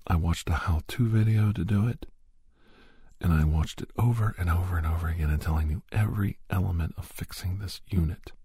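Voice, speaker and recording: A man speaking soft, repetitive, earnest self-affirmations in a breathy, half-whispered voice. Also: low voice, fairly quick, no echo, studio quality.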